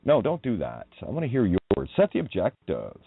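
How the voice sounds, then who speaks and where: A man's voice: lowish voice, huge pitch swings, brisk, vocal fry, husky, no room sound. A man hosting a radio show, talking through a wandering, emphatic monologue on word meanings and swearing when riled. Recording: tinny phone-like line.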